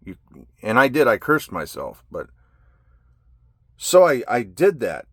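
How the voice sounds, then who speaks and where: A man's voice: mid-range voice, wildly swooping pitch, slow pace, husky, no room sound, studio quality. A man telling his life story in a raw, blunt monologue, swearing constantly. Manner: heavy profanity, blunt and agitated.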